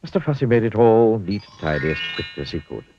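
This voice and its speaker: A man reading a children's storybook aloud in an expressive, playful way. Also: fairly low pitch, quick pace, muffled recording, faint music behind. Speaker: storybook reader.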